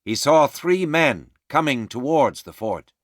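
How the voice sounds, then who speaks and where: A man reading a story aloud for English learners in a slow, clear, expressive way. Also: medium pitch, no echo, clean studio sound. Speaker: narrator. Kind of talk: scripted narration for English learners.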